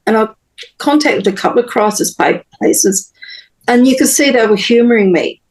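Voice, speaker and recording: A woman, a podcast guest telling her personal story in an earnest, halting way with many pauses and restarts. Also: a little high, darkish tone, low-quality recording.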